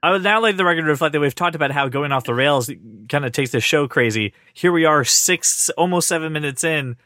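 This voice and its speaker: A man's voice: a little high, fairly quick, sharp tone, no room sound, studio quality. A man hosting a podcast, chatting casually, laughing often and steering back to the topic. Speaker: podcast host. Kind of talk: casual chat.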